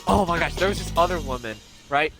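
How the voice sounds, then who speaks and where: A young man co-hosting a podcast, telling stories in a casual, animated way and acting out what people said. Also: fairly high pitch, fast, music in the background. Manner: animated storytelling, acts out quotes. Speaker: podcast co-host. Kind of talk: casual chat.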